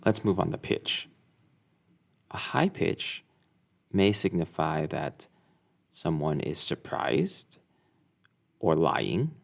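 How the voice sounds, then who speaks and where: A man giving a scripted lesson in a measured, deliberate way. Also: low voice, very animated, gravelly. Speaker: instructor.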